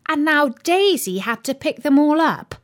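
Expressive woman reading a children's story. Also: sits high, normal speed. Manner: expressive, gently dramatic.

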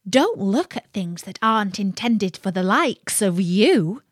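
A woman's voice: medium pitch, sing-song, unhurried, no echo, studio quality. A woman voicing a naughty little female imp who scolds and teases. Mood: teasing.

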